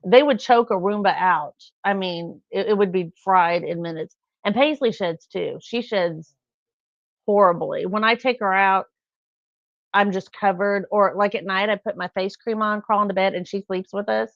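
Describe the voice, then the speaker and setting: A woman's voice: medium pitch, normal speed, no echo, highs cut off. A middle-aged woman chatting casually on a live stream, rambling through stories. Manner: chatty, rambling, acts out quotes with laughs.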